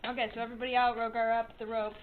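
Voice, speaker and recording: A woman's voice: a little high, level tone, racing. A woman playing a tabletop game in a playful, joking way, on a dull lo-fi recording with noise behind her. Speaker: player. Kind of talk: tabletop game play, casual chat. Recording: dull lo-fi sound with clear noise.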